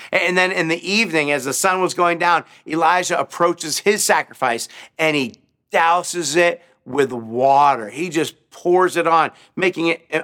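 A man preaching a sermon, telling short stories in an animated way and asking his listeners questions as he goes. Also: mid-range voice. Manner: animated, asks the audience questions, acts out crowd voices. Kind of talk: children's sermon storytelling.

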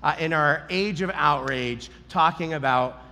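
A man preaching a sermon, telling a story in an animated way and acting out the lines he quotes. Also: fairly high pitch, measured pace, in a large hall. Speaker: pastor.

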